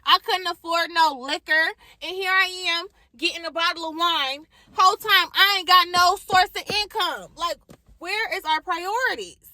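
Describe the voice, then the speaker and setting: Bright-voiced young woman. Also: very high voice, moderate pace, no room sound, rough recording. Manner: animated, emphatic, addresses viewers as y'all. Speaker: vlogger and book recommender. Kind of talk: casual faith testimony to camera.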